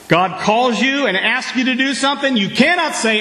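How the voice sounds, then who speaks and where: A man with a high voice preaches to his congregation, calling for responses and bursting into sudden shouts. The sound is roomy and echoing off the walls of the church sanctuary. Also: expressive, moderate pace. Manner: preaching with call-and-response, sudden loud outbursts. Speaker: pastor. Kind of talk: sermon.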